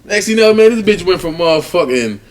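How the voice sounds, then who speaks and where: A man, co-hosting a podcast and telling a long, profane story in casual chat, animated and acting out other people's voices. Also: high-pitched, fast. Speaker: podcast co-host.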